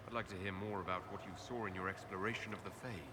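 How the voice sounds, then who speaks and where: A man's voice: low voice, steady tone, fast, noisy background, natural voice. An actor playing an earnest male hero leader who asks plain, curious questions. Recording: clear game ambience behind.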